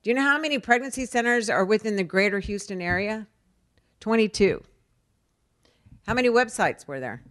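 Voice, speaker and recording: A middle-aged woman speaks at a fundraising dessert in an animated storytelling manner. Her pitch sits in an ordinary middle range. She acts out quoted conversations and hammers points home by repeating words. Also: fast, few pauses. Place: event hall.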